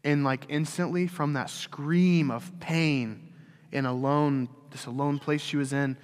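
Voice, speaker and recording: A man's voice: fairly high pitch, steady tone, unhurried. A young adult man giving a sermon as pastor, earnest and conversational, telling a personal story. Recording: long hall reverb.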